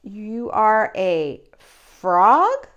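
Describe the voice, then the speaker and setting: A woman reading aloud, voicing an anxious, cautious male elephant who wonders slowly and worries easily. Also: medium pitch, very animated, fairly bright tone, clear, resonant tone, muffled recording, voice pushed down, heavily acted. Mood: puzzled. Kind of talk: picture book read-aloud.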